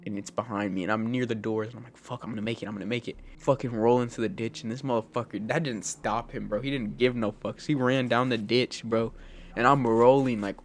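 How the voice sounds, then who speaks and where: A young man co-hosting a podcast, telling a story in a casual, animated way, swearing a lot and saying "bro" all the time. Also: mid-range voice, a little fast, slight background noise. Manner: animated, profane, says "bro" constantly. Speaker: podcast co-host.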